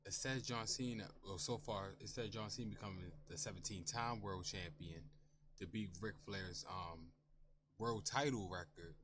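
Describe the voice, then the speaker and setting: Very deep-voiced man reacting casually. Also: moderate pace, noisy background. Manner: thinking aloud, repeating himself. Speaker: reaction channel host.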